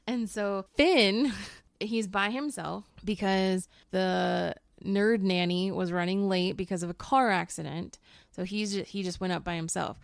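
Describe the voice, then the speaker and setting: A woman's voice: on the low side, gravelly, dry recording, clean studio sound. A woman teacher chatting casually about a book she read, laughing often and swearing now and then. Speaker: teacher and guest book reviewer. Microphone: home microphone.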